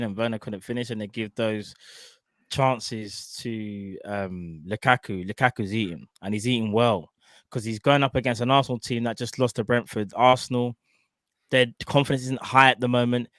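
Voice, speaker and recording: Slangy man, bright voice. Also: mid-range voice, moderate pace, no room sound. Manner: animated, slangy, repeats himself. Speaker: podcast co-host. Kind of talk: casual football chat. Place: home, on a video call.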